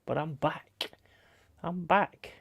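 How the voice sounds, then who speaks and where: A man's voice: a little high, slow pace, gravelly, fairly bright tone, slightly rough, dry recording. A man chatting casually on a live stream, telling blunt, sweary stories and reading out viewers' comments. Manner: swears freely, blunt storytelling, reads out chat comments.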